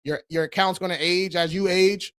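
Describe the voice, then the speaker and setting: A man with a fairly high voice hosts a casual live-stream Q&A about credit. He talks loose and slangy, swears freely and laughs often, and he keeps firing off quick rallying calls to his viewers. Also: steady tone, a bit bright, clean tone. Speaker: credit repair host.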